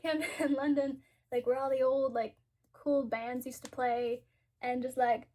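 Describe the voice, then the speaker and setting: A woman's voice: sits high, steady tone, moderate pace. A woman book vlogger chatting casually, rambling and giggling as she thinks aloud, with a congested, stuffy voice. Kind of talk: casual chat.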